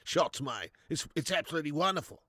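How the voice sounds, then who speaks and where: A man's voice: a little high, expressive, fast, pushed and bright, slightly rough, no echo, clean studio sound, full character voice. A man doing an impression of a laid-back, middle-aged Australian football manager, in a broad, exaggerated, slang-heavy drawl. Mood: joking. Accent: put-on Australian.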